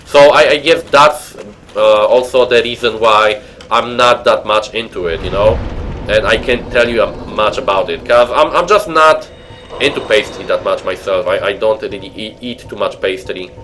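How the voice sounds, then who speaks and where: There's slight background noise as a man from Poland, speaking with a Polish accent, rambles through casual chat with viewers while gaming on stream. His fairly low voice is animated and a bit bright, at normal speed, and his let's-play talk is chatty, with many fillers and restarts.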